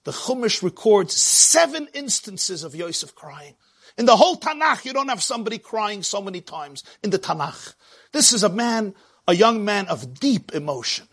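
Man preaching a sermon, high voice, husky, dramatic rises and falls. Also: fairly bright tone. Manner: dramatic, rising and falling delivery, quoting Hebrew verses.

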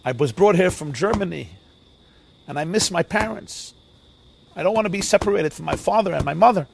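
A man's voice: high voice, expressive, a little fast, creaky, noisy background, voice pushed up, heavily acted. A man voicing a twelve-year-old boy who pleads to be reunited with his parents. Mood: pleading.

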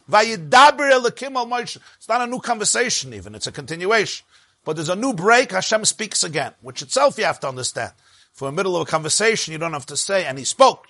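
A man's voice: sits high, sharp tone, no echo. A man with teaching a Torah lesson, rising and dropping sharply for emphasis. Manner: emphatic, rises and drops sharply for stress.

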